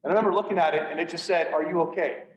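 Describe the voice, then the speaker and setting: Brief: a man recounting a hard day on duty, bluntly candid, with a slightly high voice, heard from across an echoey room. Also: fairly even intonation, very fast. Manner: candid, blunt, acts out quoted dialogue. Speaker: public speaker, police officer. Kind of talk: personal storytelling talk. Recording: echoey, distant, slightly dull, faint hiss.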